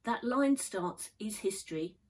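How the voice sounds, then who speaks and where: A woman teacher giving a measured, thoughtful poetry lesson. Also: mid-range voice, lively intonation, slightly rough, poor audio. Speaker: English literature teacher.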